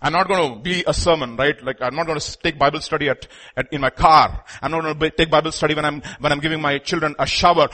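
A man's voice: on the high side, fairly even intonation, fast, hardly any pauses, pushed and bright. A man preaching a sermon to his congregation, with emphatic outbursts. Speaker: pastor.

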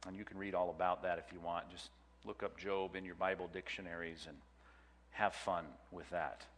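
Teacher, man, bright chatty delivery, quizzes the room, long hall echo. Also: low voice, little pitch movement, moderate pace. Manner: chatty, jokey, quizzes the class. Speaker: Bible teacher. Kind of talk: classroom lecture with audience questions.

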